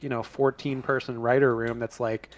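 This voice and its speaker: A man's voice: medium pitch, little pitch movement, moderate pace. Rambling male podcast co-host. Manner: rambling, with many fillers. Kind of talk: casual chat.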